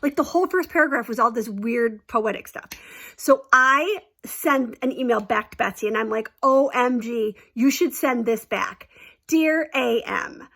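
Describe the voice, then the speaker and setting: Woman rambling through a story from work, kinda high voice, lots of vocal fry, says like a lot. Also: normal speed, sharp tone. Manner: chatty, lots of fillers, exaggerating. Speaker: teacher telling a story. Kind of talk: casual storytelling.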